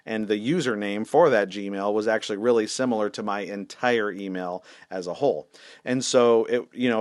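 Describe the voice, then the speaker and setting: A man's voice: on the low side, no room sound, clean studio sound. A man, a senior pastor, telling a story in a casual, wry, self-deprecating way with lots of fillers.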